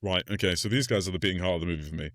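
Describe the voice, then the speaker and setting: Low-voiced man recapping a movie, laughing. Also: very fast, dry recording, studio quality. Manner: laughing, animated retelling with acted-out quotes. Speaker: podcast co-host. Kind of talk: casual chat recapping a film.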